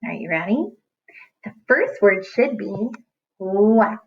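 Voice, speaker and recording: A woman's voice: medium pitch, very animated, slow, lo-fi sound. A woman teaching young children in a recorded lesson, talking in a playful, exaggerated sing-song way. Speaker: kindergarten teacher.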